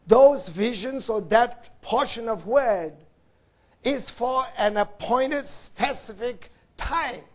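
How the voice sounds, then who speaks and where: A man preaching a sermon, swinging from loud emphasis to hushed low tones and often addressing his listeners as brothers and sisters.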